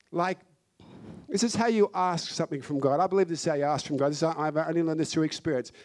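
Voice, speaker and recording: A man delivers a sermon in a fairly high voice, fervent and insistent. He hammers points home by repeating phrases and stretching out key words. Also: quick pace, darkish tone. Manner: impassioned, repeats phrases for emphasis. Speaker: preacher.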